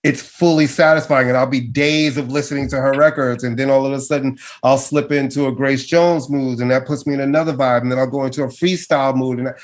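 A man co-hosting a podcast in casual chat, animated and swearing freely as he rants. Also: medium pitch, fast talker, few pauses. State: frustrated. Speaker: podcast co-host.

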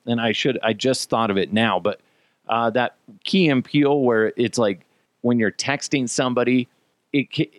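Man, podcast host, casual rant, lively pitch, dry close sound. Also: no room sound. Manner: animated, profane, digressive. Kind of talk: casual opinion talk.

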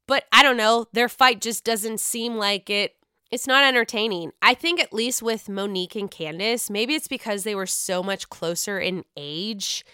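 A woman hosting a casual recap chat, talking in a chatty, profane and animated way. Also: mid-range voice, normal speed, clear, resonant tone, no room sound, studio quality. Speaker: podcast host recapping reality TV.

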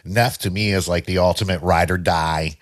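A man's voice: low voice, steady tone, moderate pace. A man co-hosting a podcast, chatting casually in a loose, rambling way full of fillers. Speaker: podcast co-host. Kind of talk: casual chat.

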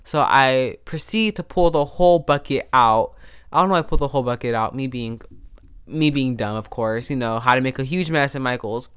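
A man with a mid-range, fairly bright, clean-toned voice speaks fairly quickly into a podcast microphone. As the host, he tells a story in a rambling, casual way, often interrupting himself with restarts and asides.

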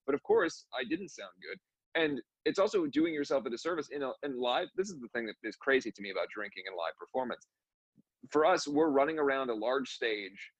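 A man's voice: medium pitch, a bit bright, no echo, low-quality recording. A young man, a musician, talking candidly in casual conversation and telling stories with frequent restarts. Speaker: musician guest.

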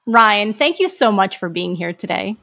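A woman's voice: mid-range voice, expressive, moderate pace, gravelly, bright, forceful tone, no echo. Upbeat woman podcast host. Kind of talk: podcast interview and outro.

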